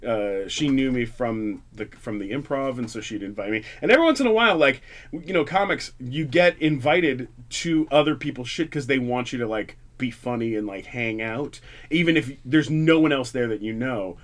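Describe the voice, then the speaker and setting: A man's voice: medium pitch, animated, moderate pace. A man from Canada, a comedian guest, telling a rambling, profane story with lots of fillers and restarts in a radio studio. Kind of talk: casual storytelling on a talk radio show.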